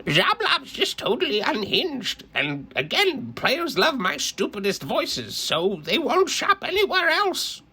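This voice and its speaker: A man's voice: very high voice, huge pitch swings, takes it slowly, few pauses, bright, forceful tone, slightly rough, pitched above the performer's own voice, full character voice. A man game master voicing an unhinged male shopkeeper who talks erratically. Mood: manic. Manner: erratic, wildly swooping.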